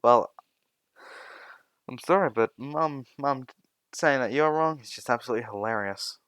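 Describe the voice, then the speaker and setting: A man's voice: medium pitch, moderate pace, a bit bright, no echo, natural voice. A man doing a cheeky teenage boy.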